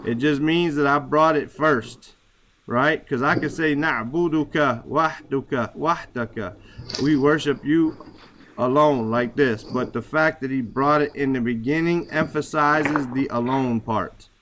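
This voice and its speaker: A man's voice: on the high side, unhurried, a bit bright, a little hiss or hum. A man teaching a class, talking casually and searching for words, often checking with "right?". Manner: searching for words, many fillers; repeats "right?" to check understanding. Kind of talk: classroom explanation.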